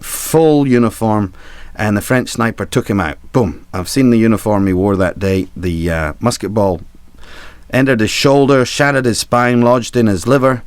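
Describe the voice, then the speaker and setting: A man's voice: on the low side, smooth, no room sound. A man, a ship's captain, telling a rambling, comic history story full of asides and swearing. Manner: rambling, chuckling, swearing for laughs. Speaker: cruise ship captain telling stories.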